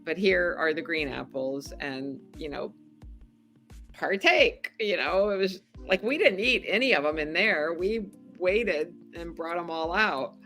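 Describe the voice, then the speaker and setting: A middle-aged woman speaks in a lower register, a guest recounting events in relaxed, animated conversation. She laughs easily as she goes. Faint music sits under her voice. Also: unhurried. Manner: chatty, animated, laughs often. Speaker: podcast guest, former game show contestant. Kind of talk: casual storytelling interview.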